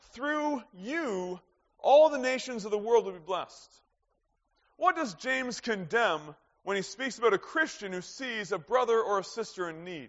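A man with a fairly high voice preaches earnestly from the pulpit, often putting questions to his congregation. His words ring out with a long echo through the church sanctuary, and the recording sounds muffled and lo-fi. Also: fairly bright tone. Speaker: pastor. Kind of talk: sermon. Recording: dull lo-fi sound with long hall reverb.

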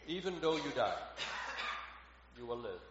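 A man's voice: mid-range voice, big pitch swings, a little slow. Man preaching in an echoey hall. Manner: earnest, rising to emphatic on key phrases. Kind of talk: sermon. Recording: echoey hall, dull lo-fi, faint noise.

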